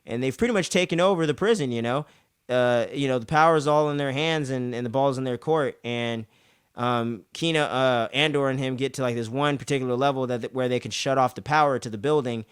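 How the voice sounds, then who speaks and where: A man's voice: medium pitch, a little fast, clear, resonant tone, no room sound, studio quality. A young man hosting a podcast, recapping an episode in loose, profane casual talk, filling his sentences with "man" and "uh". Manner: loose and profane, acts out characters' lines in exaggerated voices; many fillers like "man" and "uh".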